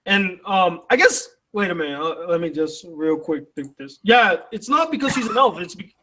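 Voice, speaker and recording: A man hosting a live online debate, casual and joking, quick to interrupt and push back. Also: high voice, expressive, pushed and bright, rough recording. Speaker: debate host.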